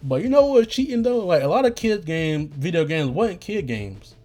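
A hoarse young man hosts a podcast, rambling in slangy, profane talk full of restarts. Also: fairly high pitch, big pitch swings, normal speed, mellow. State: getting hoarse. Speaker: podcast host. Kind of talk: rambling casual monologue.

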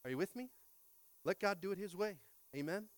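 A man preaching an energetic sermon as pastor, swinging from hushed prayer to loud calls and often asking the congregation to respond. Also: high-pitched, a little fast, no echo.

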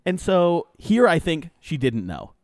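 A man casually retelling a reality show episode, swearing freely, speeding up and slowing down with many fillers. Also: fairly high pitch, no room sound, clean studio sound. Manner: animated, profane storytelling with lots of fillers.

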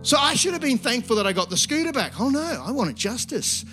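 A man, preaching a sermon that moves from a lively story into earnest prayer. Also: extremely high pitch, fairly quick, soft background music. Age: 50s. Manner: animated storytelling, then quiet earnest prayer. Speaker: pastor.

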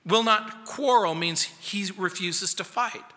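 A male pastor preaching a verse-by-verse sermon in an emphatic way, speeding up and slowing down for effect. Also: sits high, sharp tone. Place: church sanctuary. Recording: long reverb of a church sanctuary.

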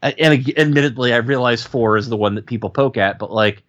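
A man co-hosting a casual podcast, talking in a relaxed, rambling way with many fillers. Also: mid-range voice, a little fast, dull audio. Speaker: podcast co-host. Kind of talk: casual chat.

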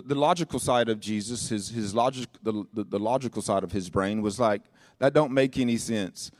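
A male pastor preaching with impassioned, sing-song delivery, swinging between shouted lines and quiet personal asides. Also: mid-range voice, dry recording, clean studio sound. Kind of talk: sermon. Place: church.

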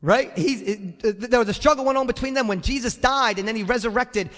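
Pendeta pria yang berkhotbah penuh semangat, gema aula gereja panjang. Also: male voice, very high-pitched, a little fast, long reverb tail. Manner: animated, conversational, with humor. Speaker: pastor. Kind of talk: sermon. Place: church sanctuary.

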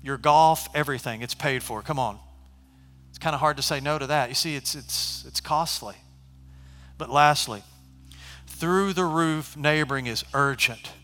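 Man, pastor type, bright forceful voice, long hall reverb, storytelling sermon. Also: a little high, normal speed, faint music behind. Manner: animated, shifts from conversational to shouting.

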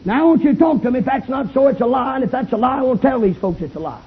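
A Baptist preacher, shouting a fiery revival sermon in a tent and calling for amens. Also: male voice, extremely high pitch, animated, very fast, husky. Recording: tinny lo-fi old tape recording.

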